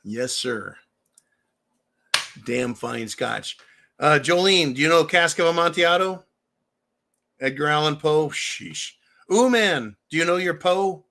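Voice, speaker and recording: A rowdy, cursing man in his fifties hosts a live stream with a sharp, forceful edge to his voice. He rambles through jokes and old stories. His pitch sits a touch above most men's. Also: expressive, takes it slowly, gravelly, pauses often. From California. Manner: boisterous, profane and joking, reading donations aloud. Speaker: livestream host. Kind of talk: casual live-stream chat.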